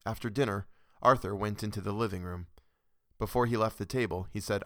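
A man's voice: on the low side, a little fast, fairly bright tone, dry recording. Man narrating a story, dry close sound.

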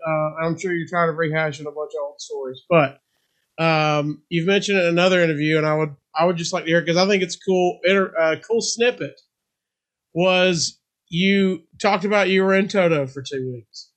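A man's voice: a little high, normal speed, fairly bright tone. A man hosting a podcast interview, joking and friendly with his guest. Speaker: podcast host. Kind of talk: casual interview.

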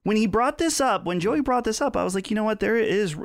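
A man's voice: sits high, expressive, a little fast, dry recording, clean studio sound. A man co-hosting a casual podcast, teasing and playfully defending himself. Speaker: podcast co-host. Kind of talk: casual chat.

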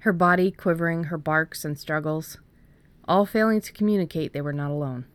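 A woman, an author, reading her own story aloud in a measured way and then chatting about it with hesitant fillers. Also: low voice, no echo. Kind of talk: storybook narration, then casual chat.

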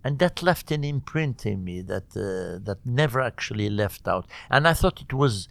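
A gravelly older man from Morocco speaks as an interview guest, stopping and restarting his sentences as he tells a family story. His voice sits a little low, and the recording is dry and close. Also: expressive, no echo. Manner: halting, repeats and restarts words, warm and earnest. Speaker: cantor, guest.

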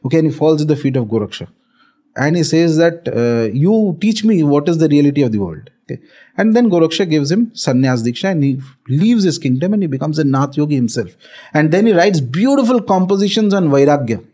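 A man's voice: fairly high pitch, lively intonation, brisk, warm tone. A middle-aged man with an Indian accent explaining spiritual ideas through a story, dotted with fillers and Hindi words. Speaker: guest, spiritual author. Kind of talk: storytelling podcast conversation.

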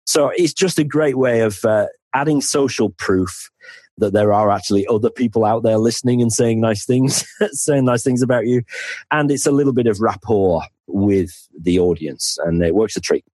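A man's voice: fairly low pitch, normal speed, a little mellow, no room sound. A man with a Northern English accent, a podcast guest chatting casually and laughing at himself. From North of England. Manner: chatty, self-deprecating, laughs easily. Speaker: podcast guest, financial planner. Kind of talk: casual interview chat.

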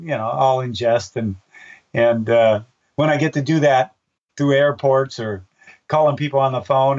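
An older man at a middle pitch tells stories in a loose, rambling way, restarting sentences and slipping into the voices of people in his anecdotes. He sounds set back from the mic, and the recording has a dull, muffled tone. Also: far from the mic. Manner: rambling, with many restarts and fillers. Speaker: race announcer. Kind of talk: casual interview storytelling.

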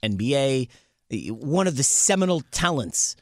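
A man's voice: mid-range voice, animated, measured pace, no room sound, studio quality. A man co-hosting a sports radio show, talking eagerly and gushing about a player, then apologizing for getting carried away. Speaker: radio co-host. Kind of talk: casual sports radio talk.

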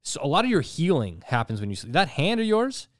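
A man's voice: a little high, huge pitch swings, fairly quick, dry recording, clean studio sound. A man co-hosting a podcast in casual banter, laughing easily and teasing his friend. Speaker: podcast co-host.

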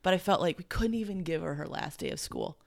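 As an interview guest, a middle-aged woman speaks in a low, gravelly voice with slight background noise behind her. Her heartfelt talk is emotional and halting, often breaking off and starting again.

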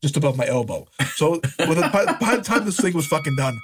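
A man co-hosting a podcast, telling a story in a lively, animated way, acting out voices and laughing as he goes. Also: a little high, quick pace. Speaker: podcast co-host. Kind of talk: casual storytelling chat.

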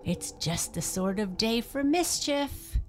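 A woman's voice: on the high side, expressive, slow, soft background music, pitched above the performer's own voice. A woman voicing a mischievous young male dolphin in a children's storybook, talking in a playful, cheeky way.

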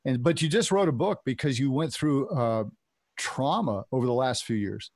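Male host, mid-pitched, eager questions with stumbles, dry close mic. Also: lively intonation, a little mellow, no room sound. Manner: enthusiastic, halting questions. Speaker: interviewer. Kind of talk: casual interview.

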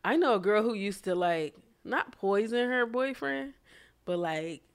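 A woman's voice: mid-range voice, animated, measured pace, clear, resonant tone. A woman co-hosting a casual chat, blunt and profane, who laughs often. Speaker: podcast co-host.

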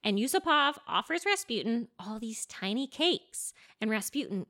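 A woman casually telling a history story to a co-host, animated and laughing often. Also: on the high side. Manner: animated, laughing, acting out characters in quick asides.

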